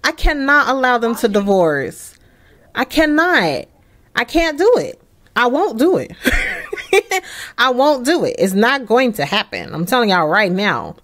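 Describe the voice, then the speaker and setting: A young woman hosts a life-sim let's play, offering casual, chatty, emphatic commentary punctuated by excited bursts. Her voice sits a little high, and she speaks at a moderate pace.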